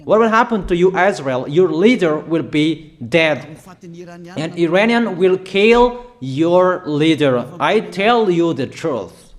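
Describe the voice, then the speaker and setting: Preacher, male, higher-pitched, slow and emphatic, declaiming prophecy. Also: lively intonation. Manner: declaiming, emphatic, repeats warnings, halting fillers. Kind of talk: prophetic sermon.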